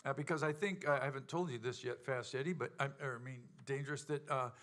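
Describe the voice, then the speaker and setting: A man's voice: mid-range voice, steady tone, quick pace, a bit bright. A man hosting a casual show, rambling and joking with plenty of fillers. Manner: rambling, jokey, many fillers. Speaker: show host and band member. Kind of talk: casual banter.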